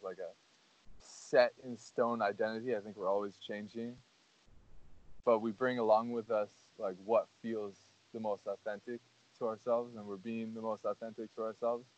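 A man hosting a casual podcast, talking earnestly in a rambling way with lots of "like" and "you know". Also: fairly low pitch. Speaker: podcast host. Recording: dull lo-fi audio.

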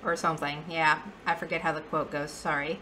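A woman's voice: deep voice, level tone, brisk, pushed and bright, slight background noise. A woman player in a casual tabletop role-playing game, giggly and teasing.

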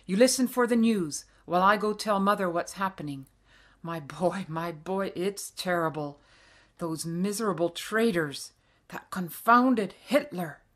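Brisk warm dad in a storybook, loud and lively, read by a woman, unhurried. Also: fairly low pitch. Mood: alarmed. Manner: exclaiming, raised voice. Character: Dutch father, middle-aged, brisk and warm.

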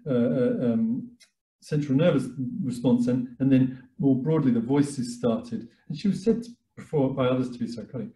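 A man giving a webinar talk as a therapist, speaking calmly and reflectively with frequent fillers and restarts. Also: medium pitch. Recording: echoey room.

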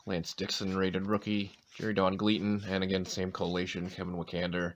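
A deep-voiced man with a light New England accent rattles off player names between chatty asides as he opens card packs. His throat is a little sore, and he keeps clearing it. Wrappers rustle faintly in the background. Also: monotone, moderate pace, hardly any pauses, slight background noise. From Maine, USA. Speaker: card-opening channel host. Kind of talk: casual pack-opening commentary.

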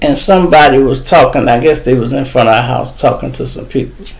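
A middle-aged man from Chicago with a Chicago accent, hosting a casual commentary rant and talking straight to his viewers, animated and swinging between loud and soft. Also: mid-range voice, a little fast, gravelly, low-quality recording. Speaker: host of a commentary channel.

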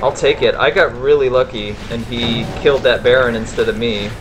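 A gamer commentates his own stream in a casual way, often cursing in exasperation when something goes wrong. His mid-range voice has fairly even intonation and a slightly fast pace. The background is noisy, with game music and sounds.

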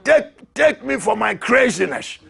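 A man preaching a fiery sermon as an apostle, who shouts, repeats his lines and laughs between them. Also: very high-pitched, lively intonation, a little slow, vocal fry.

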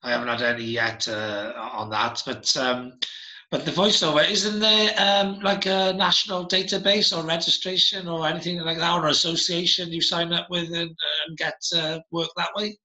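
A middle-aged man hosting a podcast, talking in an unhurried, rambling way with many hesitations. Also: on the high side, steady tone, pushed and bright. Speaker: podcast host. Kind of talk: casual interview chat. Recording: roomy echo.

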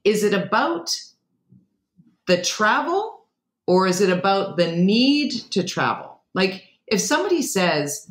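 A woman co-hosting a current-events podcast, blunt and animated in her opinions. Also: mid-range voice, unhurried, reverberant. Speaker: podcast co-host. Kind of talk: casual current-affairs chat.

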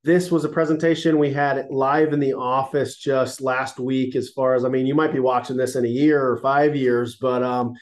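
A man's voice: mid-range voice, flat delivery, normal speed, hardly any pauses. Congested, nasal man with a folksy talk. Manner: folksy and enthusiastic, with exclamations. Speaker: chiropractor. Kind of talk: casual livestreamed health talk. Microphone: laptop and phone mics.

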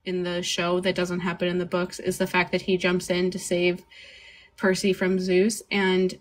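A woman's voice: fairly low pitch, monotone, normal speed, slight background noise. Podcast co-host, woman, loose rambling delivery, frequent laughs, casual swearing.

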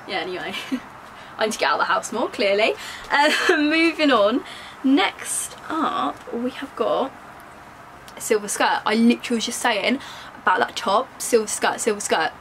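A woman's voice: fairly high pitch, a bit bright, a little hiss or hum, low-quality recording. A young woman chatting casually in a bubbly, giggly way while trying on clothes at home for her vlog. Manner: bubbly and giggly, joking with viewers. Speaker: fashion vlogger. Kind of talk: casual try-on haul chat.

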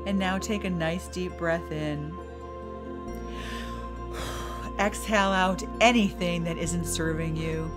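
A woman who hosts a podcast, guiding a slow, soothing meditation and then coaching her listeners with emphatic encouragement. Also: lowish voice, steady tone, music in the background. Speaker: podcast host and life coach. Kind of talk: guided meditation and coaching talk.

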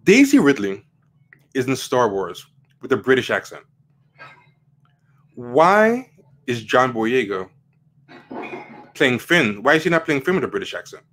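A man's voice: medium pitch, big pitch swings, unhurried, pauses often, fairly bright tone. Rambling man hosting a livestream. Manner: rambling, repeats words, many fillers, rising emphatic questions. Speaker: livestream host. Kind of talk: casual opinion commentary.

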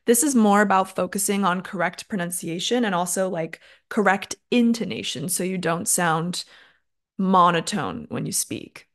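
A young woman teaching an online English lesson in a chatty, clear and encouraging way, with casual filler words. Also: fairly low pitch, animated, moderate pace.

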